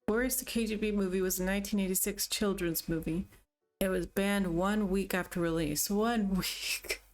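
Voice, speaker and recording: A woman's voice: medium pitch, steady tone, moderate pace. Woman gamer, casual playthrough talk, dry amused asides, faint game music behind. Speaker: gaming streamer.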